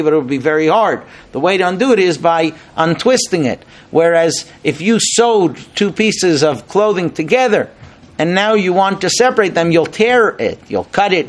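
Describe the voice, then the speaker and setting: Giving an informal Torah lesson, a middle-aged rabbi animatedly performs the rabbis he cites, building his emphasis as he goes. His voice sits high.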